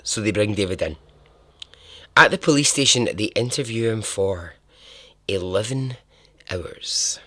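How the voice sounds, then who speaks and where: A man's voice: on the low side, expressive, unhurried, pauses often, pushed and bright, dry recording, clean studio sound. A man hosting a podcast, telling a true-crime story in a casual, chatty way, laughing and swearing now and then. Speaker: podcast host.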